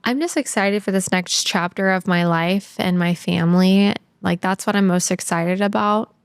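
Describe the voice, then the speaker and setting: A woman's voice: medium pitch, moderate pace, clear, resonant tone, no echo. A woman in her thirties, a podcast guest, talking candidly and earnestly about her life, close to tears, with many "like"s. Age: 30s. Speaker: podcast guest, sales trainer. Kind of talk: candid interview talk.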